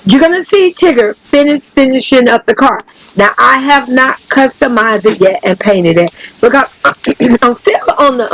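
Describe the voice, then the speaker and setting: A woman's voice: on the high side, low-quality recording. A woman hosting her own channel, talking through her life-simulation game in a chatty way. She swears freely and keeps turning to her viewers. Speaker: gaming channel host. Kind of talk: casual gameplay commentary.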